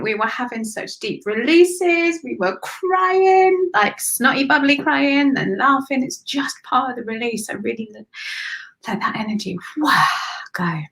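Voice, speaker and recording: A woman doing live spiritual readings for viewers, speaking softly and affectionately, with sighs and drifts into whispers. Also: a little high, poor audio. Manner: emotional, breathy sighs and gushing warmth. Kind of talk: live-streamed channelled readings.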